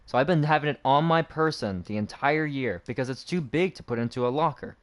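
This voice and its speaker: A young man casually telling a school story while playing a game, animated and acting out the people he quotes. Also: a little fast. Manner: animated, raises pitch to act out quoted people. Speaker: gaming channel host.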